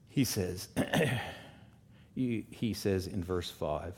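A male pastor preaching a sermon in a church room, swinging between loud, emphatic stretches and quiet asides, and slowing down to read scripture deliberately. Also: low voice, lively intonation, vocal fry, husky. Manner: reads scripture slowly and deliberately.

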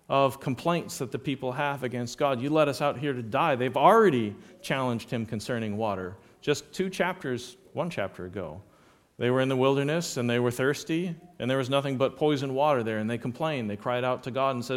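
A man's voice: mid-range voice, fairly quick. A man preaching a sermon, reading scripture passages aloud and explaining them, rising in volume for emphasis.

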